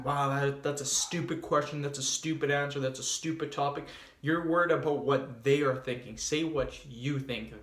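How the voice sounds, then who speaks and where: Male vlogger, mid-pitch, emphatic self-help delivery with lots of repetition, recorded in a roomy space. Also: fairly bright tone. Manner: emphatic and repetitive, addresses viewers as "you guys". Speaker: fitness vlogger giving speaking tips. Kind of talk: casual advice to camera. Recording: echoey room.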